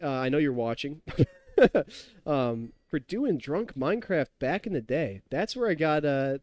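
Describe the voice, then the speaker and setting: A man's voice: fairly high pitch, big pitch swings, a little slow, darkish tone, no room sound, lo-fi sound. A tipsy young man in his twenties streaming a game, rambling and chatty, laughing and talking to his chat. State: tipsy from drinking. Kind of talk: casual live-stream chat while gaming.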